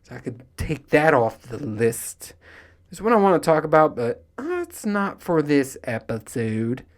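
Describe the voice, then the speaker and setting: A man's voice: on the high side, sing-song, unhurried. A man in his thirties talks to the mic on his own, loose and unscripted. He rambles, swears freely and breaks into laughter between thoughts, the easy voice of a solo podcast host. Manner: rambling, profane, laughs often. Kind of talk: casual monologue.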